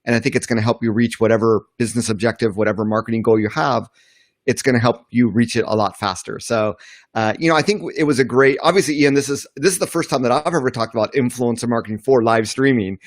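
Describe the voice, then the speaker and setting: Relaxed middle-aged male interview guest. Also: medium pitch, fast talker, no echo, clean studio sound. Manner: confident, relaxed, uses "you know". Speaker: guest, marketing author. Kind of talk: casual interview. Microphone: video call setup.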